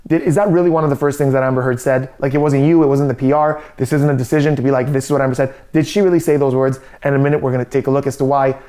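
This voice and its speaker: A man's voice: medium pitch, steady tone, rapid-fire, few pauses, warm tone. A man giving skeptical, methodical body language commentary. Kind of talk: analytical commentary.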